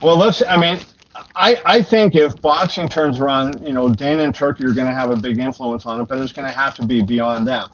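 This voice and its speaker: A middle-aged man, a boxing journalist, telling long anecdotes in a relaxed, rambling way with many fillers. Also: medium pitch, brisk. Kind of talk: conversational storytelling. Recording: slightly dull lo-fi sound with faint noise.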